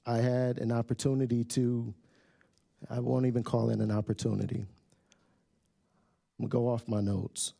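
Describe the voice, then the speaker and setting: A man giving a public comment at a city council meeting, hesitant and searching for words, with frequent fillers and restarts, his voice often dropping softly. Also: medium pitch, little pitch movement, normal speed, vocal fry, long pauses, dry recording, clean studio sound.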